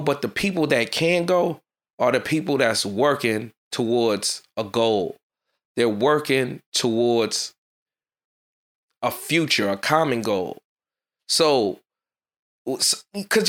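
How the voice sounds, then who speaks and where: A man hosting his own podcast, giving a fast, fired-up motivational talk in a casual street style. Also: medium pitch, animated, a bit bright. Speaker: podcast host.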